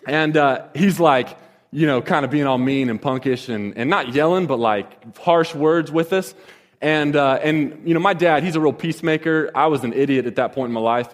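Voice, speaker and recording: A man in his thirties telling a rambling personal story, with lots of fillers and restarts. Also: on the high side. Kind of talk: casual personal anecdote. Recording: long echoing reverb.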